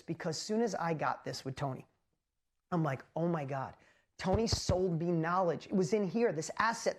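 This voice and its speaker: Hyped-up guy giving a live motivational talk, super animated, keeps asking the crowd stuff. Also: high-pitched. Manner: excitable, animated storytelling with frequent exclamations; speaks straight to the audience with rhetorical questions. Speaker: host and motivational speaker.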